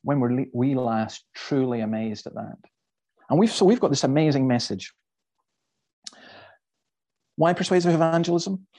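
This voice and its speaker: Middle-aged male preacher, medium voice, lively storytelling with frequent restarts. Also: medium pitch, moderate pace, low-quality recording. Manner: animated storyteller who repeats words and restarts sentences. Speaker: Christian speaker and evangelist. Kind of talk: storytelling talk to a church audience.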